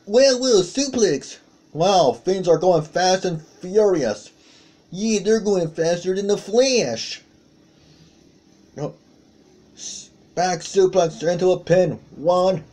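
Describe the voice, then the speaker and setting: A man doing play-by-play commentary on a wrestling match, calling out moves with excited exclamations. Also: high-pitched.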